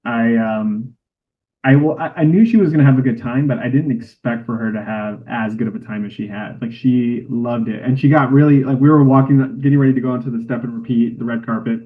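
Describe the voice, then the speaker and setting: Guy sharing a heartfelt story, sounds like a phone line, earnest and warm about it. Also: medium pitch. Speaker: cinematographer guest. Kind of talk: casual interview chat.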